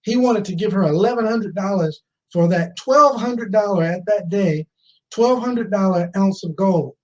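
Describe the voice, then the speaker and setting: A man's voice: high-pitched, normal speed, darkish tone, rough recording. A man in his fifties speaking at a conference, telling a personal story, asking the audience questions and repeating key phrases for emphasis. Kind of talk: motivational storytelling speech.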